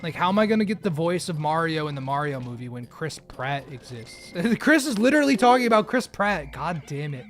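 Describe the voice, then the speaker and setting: A man's voice: fairly high pitch, sing-song, brisk, few pauses, fairly bright tone. A man chatting casually while live streaming a game, rambling and joking at his own expense. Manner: rambling, joking, often laughing at himself.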